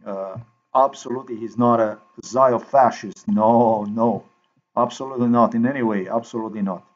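A man talking to his viewers in a rambling, halting way while he edits a video, repeating himself and filling gaps with "you know". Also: mid-range voice, dull audio. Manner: repetitive, halting, thinks aloud with many fillers. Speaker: video maker.

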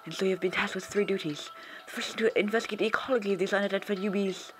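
A man voicing the composed female chief of a secret police unit, speaking softly in a measured, formal way. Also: sits high, steady tone, music in the background, voice pushed up, natural voice.

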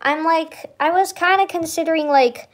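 A woman's voice: very high-pitched, moderate pace. A young woman streamer giving a casual, rambling tour of a building in a game, giggling often and stalling on many fillers.

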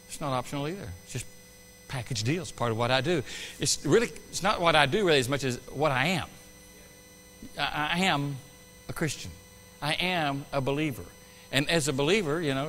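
A man pastor preaching a sermon with animated swings between loud bursts and quiet asides. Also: on the high side, big-room sound, a little hiss or hum, poor audio. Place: church sanctuary.

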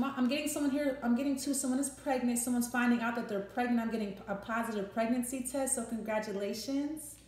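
Her fairly high, slightly mellow voice carries a laid-back tarot reading. She thinks aloud and acts out short quotes, and the room is echoey with faint noise.

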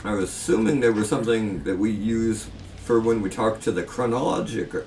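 A man's voice: on the low side, a little fast, a little mellow, slight background noise. Laid-back male gamer, distant mic. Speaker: gamer co-host. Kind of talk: casual let's play chat.

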